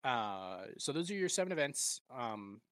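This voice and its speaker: A man's voice: mid-range voice, very animated, unhurried, a bit bright, dry recording. A man co-hosting a casual podcast chat, laughing often and stumbling over tricky names. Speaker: podcast co-host.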